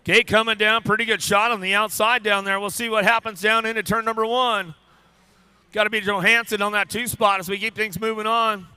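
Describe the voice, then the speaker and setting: A man with a high, very bright voice calls races live from a BMX track. His delivery is smooth and clear, rapid-fire and playful, and he jokes with the riders and crew between names. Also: flat delivery, no echo. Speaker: race announcer. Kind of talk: live race commentary.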